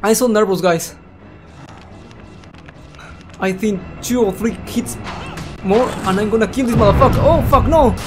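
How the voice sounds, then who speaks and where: A gaming channel host giving let's play commentary, swearing constantly and yelling at the game. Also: mid-range voice, unhurried, long pauses. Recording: loud game music behind.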